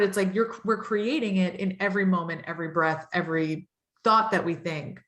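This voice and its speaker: Woman tarot reader guest, flowing and earnest, roomy echo on the voice. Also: medium pitch. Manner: flowing, earnest, builds long reflective sentences. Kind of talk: spiritual podcast conversation. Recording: echoey room sound.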